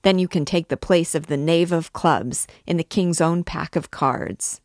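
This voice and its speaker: A woman's voice: sits low, measured pace, no echo, studio quality. A woman voicing a quarrelsome, red-faced man threatening another card player. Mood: angry. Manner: angry, threatening.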